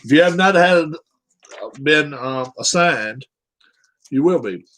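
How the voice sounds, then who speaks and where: A man's voice: fairly high pitch, animated, slow pace, a bit bright, low-quality recording. A man hosting a live stream, chatting casually with his viewers in a rambling way while setting up a game.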